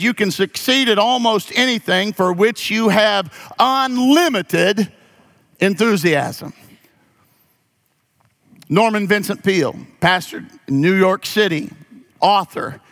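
A man's voice: high voice, a bit bright. A pastor preaching a sermon, moving from folksy stories to emphatic calls to his congregation.

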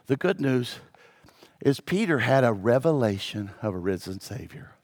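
A man preaching as a pastor, moving from hushed, low passages to loud, shouted peaks. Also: big pitch swings, moderate pace. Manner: dramatic, swings from hushed to shouting. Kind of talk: sermon. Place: church.

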